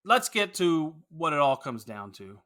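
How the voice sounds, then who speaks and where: A man's voice: on the high side, very animated, unhurried, bright, forceful tone. A man co-hosting a podcast, chatting casually and opinionatedly about a film and swearing freely. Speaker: podcast co-host. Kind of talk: casual movie review chat.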